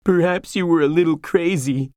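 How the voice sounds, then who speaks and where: A man's voice: fairly high pitch, moderate pace, darkish tone, dry recording, clean studio sound, voice pushed up, natural voice. A man voicing a loyal squire who pleads through sobs at his master's deathbed. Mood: grieving. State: sobbing. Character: loyal male squire, grieving and sobbing.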